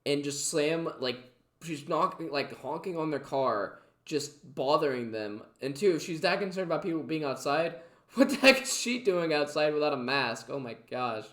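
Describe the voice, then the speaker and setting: A man's voice: on the high side, expressive, moderate pace, a bit bright, echoey room. A man casually reacting to clips, chatty and full of fillers. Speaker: reaction video host.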